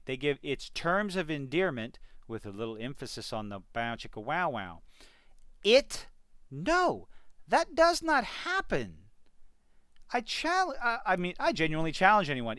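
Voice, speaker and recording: Exasperated man ranting with a smooth voice. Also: on the high side, big pitch swings, brisk, few pauses, a bit bright, no echo. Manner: exasperated, sarcastic, emphatic. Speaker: TV review vlogger. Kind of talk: ranting video review.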